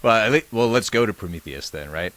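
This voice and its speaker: A man's voice: lowish voice, lively intonation, a bit bright. A man co-hosting a podcast who muses in a hesitant way while playing devil's advocate in casual talk. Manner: slow, musing, hesitant. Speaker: podcast co-host. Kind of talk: casual conversation.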